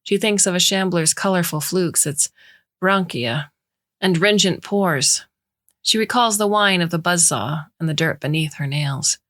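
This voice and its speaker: A woman narrating a short story in a measured, even way. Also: on the low side.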